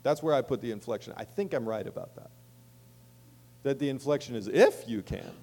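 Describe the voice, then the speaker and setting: A man's voice: mid-range voice, fairly quick, dark tone. A man preaching a sermon as pastor, conversational, with casual asides and emphatic swells on key lines.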